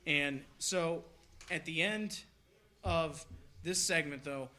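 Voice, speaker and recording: A man's voice: on the high side, takes it slowly, sharp tone. A man hosting a podcast, chatting casually and retelling movie scenes with enthusiasm. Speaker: podcast host. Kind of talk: casual chat.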